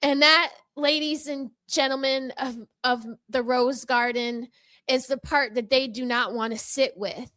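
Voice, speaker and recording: Sassy bright-voiced woman vlogger. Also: high voice, steady tone, measured pace, no room sound. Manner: sassy, emphatic, mock-courtroom delivery. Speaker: channel host. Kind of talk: impassioned commentary vlog. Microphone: microphone.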